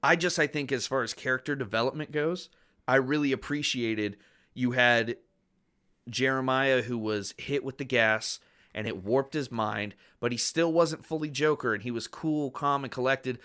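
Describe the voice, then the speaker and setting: A man with a bright, forward voice chats casually as a podcast co-host. He gets enthusiastic, retells scenes with gusto and swears without a second thought. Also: mid-range voice, normal speed, clear, resonant tone.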